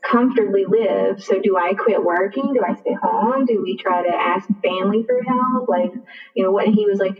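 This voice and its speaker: A woman's voice: mid-range voice, normal speed, roomy sound. Chatty young woman on a tinny line. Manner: chatty, frequent "like", acts out dialogue. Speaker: guest. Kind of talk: personal storytelling. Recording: tinny phone-line sound, distant.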